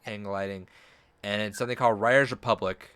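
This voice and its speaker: A man co-hosting a casual gaming podcast, talking eagerly with a lot of halting restarts. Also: lowish voice, fairly even intonation, a bit bright, clean tone, no echo, studio quality. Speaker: podcast co-host. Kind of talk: casual chat.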